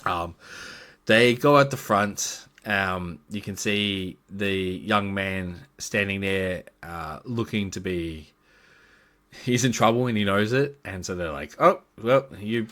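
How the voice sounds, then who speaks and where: Rambling low-voiced man recapping a game. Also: slow, a bit bright. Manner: rambling, with many fillers. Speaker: game master. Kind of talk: casual recap of a tabletop campaign.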